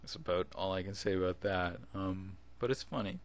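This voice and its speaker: A man with a low voice talks a little fast on a muffled recording. Casually responding on video, the blogger rambles, keeps restarting sentences, and chuckles as he goes.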